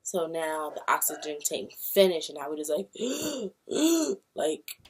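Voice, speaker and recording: A young woman vlogger from Brooklyn tells a personal anecdote to the camera at a normal pace. Her voice sits low and keeps a steady tone, and she casually acts out the lines people said to her.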